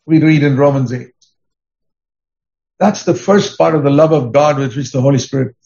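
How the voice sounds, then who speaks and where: A man's voice: mid-range voice, steady tone, normal speed, gravelly, darkish tone. An older man preaching a sermon in an earnest, emphatic way, weaving in personal stories. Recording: dull lo-fi recording.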